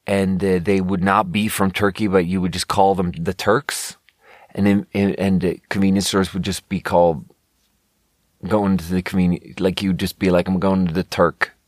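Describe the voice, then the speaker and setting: A man in his thirties talking in a loose, swearing, meandering way, often breaking off and restarting. His voice sits low. The sound is dry and close to the mic. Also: little pitch movement, normal speed, darkish tone, dry recording. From Sweden. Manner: rambling, profane, self-correcting. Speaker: podcast host. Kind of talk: casual monologue.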